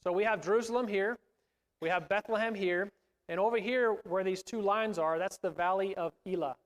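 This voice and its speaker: Casting: high-pitched male Bible class teacher, casual and self-deprecating, recorded in a reverberant church hall. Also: moderate pace. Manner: conversational, self-deprecating asides.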